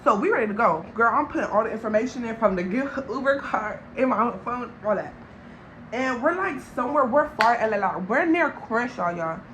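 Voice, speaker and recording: A young woman from Long Beach, telling a storytime vlog in an animated, slangy way and talking straight to viewers. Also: fairly high pitch, moderate pace, a little hiss or hum, poor audio. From Long Beach, California. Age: young adult. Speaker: vlogger.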